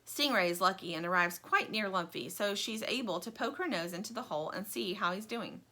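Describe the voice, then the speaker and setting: A woman reading a children's story aloud in an expressive, animated way. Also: mid-range voice, a little fast.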